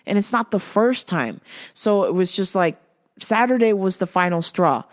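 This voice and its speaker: A woman hosting her own show, ranting in a casual, animated and exasperated way, swearing freely. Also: mid-range voice, normal speed. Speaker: show host.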